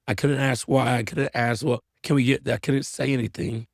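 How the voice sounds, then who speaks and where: A man's voice: medium pitch, steady tone, a little fast, no room sound, studio quality. A man in his thirties, a podcast guest, speaking earnestly and reflectively in a candid conversation and acting out talks with his kids.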